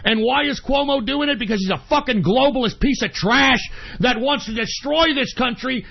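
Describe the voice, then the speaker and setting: A man hosting a political talk radio show, ranting angrily, swearing and shouting, and calling his listeners folks. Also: extremely high pitch, creaky. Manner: angry, profane, shouting tirades. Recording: dull lo-fi internet radio recording.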